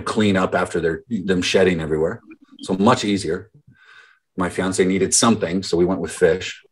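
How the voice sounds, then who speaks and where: On the low side and husky, this voice comes from a man in his thirties who works as a business mentor. He's telling stories in a motivational talk to a group call, voicing the people he quotes.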